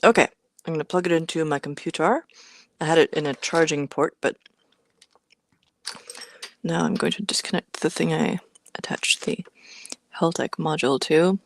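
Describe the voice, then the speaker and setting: A woman with a low, gravelly voice co-hosts a hardware stream in easy, playful chat. She thinks aloud and mutters to herself while she tinkers, tossing in slang. The recording is close and dry. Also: normal speed, pauses often, dry recording. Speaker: co-host of a live hardware build stream. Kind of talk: casual chat.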